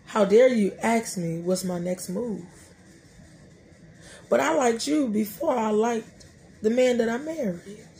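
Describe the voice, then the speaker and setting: A woman's voice: a little high, takes it slowly, pauses often, mellow, a little hiss or hum. A middle-aged woman hosting a podcast, sharing faith talk in a colloquial, joking, storytelling way. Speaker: podcast host.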